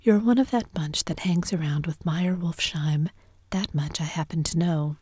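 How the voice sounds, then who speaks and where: A woman's voice: low-pitched, normal speed, a little mellow, slightly rough, no echo, clean studio sound. A woman whispering the part of a brash, domineering wealthy husband in a whispered role-play reading.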